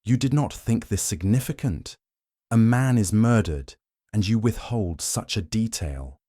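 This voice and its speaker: A man's voice: on the low side, lively intonation, unhurried, mellow, no room sound, studio quality, pitched above the performer's own voice. A man voicing Hercule Poirot, stern and pressing. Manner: pressing, commanding questions. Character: shrewd, stern older male Belgian detective.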